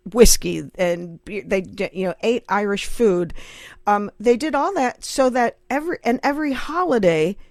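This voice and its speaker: A middle-aged American woman hosting a podcast, telling stories in a lively, blunt way and swearing freely. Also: medium pitch, dry recording, clean studio sound. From United States. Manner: animated storyteller, swears freely. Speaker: podcast host. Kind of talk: casual podcast chat.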